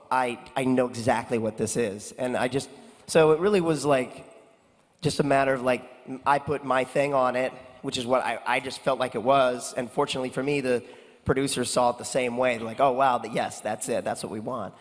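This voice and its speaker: A man telling a story on a convention panel, rambling with many fillers and restarts. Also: mid-range voice. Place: convention hall. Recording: long hall reverb.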